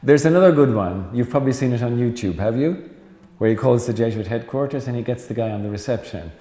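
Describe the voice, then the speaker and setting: This is a Jesuit priest, a middle-aged Irishman, whose mid-range, dark-toned voice moves at a quick pace. His lecture is conversational, full of stories and playful jabs at the listeners, recorded in a reverberant hall with a little noise.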